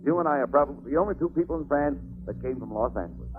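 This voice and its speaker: A man playing the brisk, bossy straight man on a 1940s radio comedy show. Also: mid-range voice, expressive, heavy background noise. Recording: tinny old 1940s radio broadcast.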